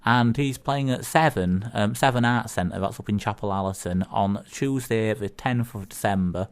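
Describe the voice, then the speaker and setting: This radio co-host, an Englishman with a Northern accent, has a lowish voice and keeps a moderate pace. Cracking jokes on a community station, he wanders and hesitates, leaning heavily on fillers.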